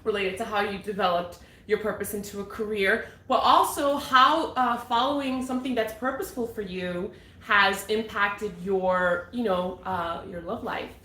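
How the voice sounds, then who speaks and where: A woman's voice: mid-range voice, moderate pace, few pauses, pushed and bright. A woman hosting a live talk show, chatting in an upbeat and encouraging way. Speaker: host. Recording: echoey room.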